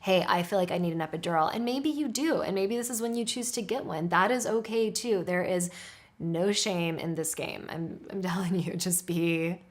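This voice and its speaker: A woman's voice: medium pitch, normal speed. A woman talking casually and reassuringly about labor, often saying "like" as she coaches expectant mothers. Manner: encouraging, reassuring, says "like" a lot. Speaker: childbirth educator. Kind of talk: casual advice chat.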